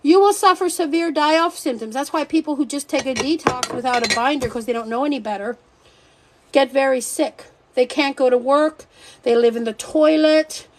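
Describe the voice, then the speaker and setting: A high-voiced woman hosting a casual live stream. She talks in an animated, joking way, often losing her thread and interrupting herself. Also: normal speed, slight background noise.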